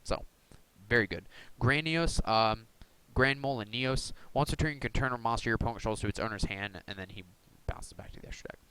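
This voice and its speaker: A man's voice: mid-range voice, a little fast, pushed and bright, clean tone, poor audio. A young man casually walking through his card deck, rambling with many ums and uhs. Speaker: YouTuber showing a card deck. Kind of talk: casual deck profile talk.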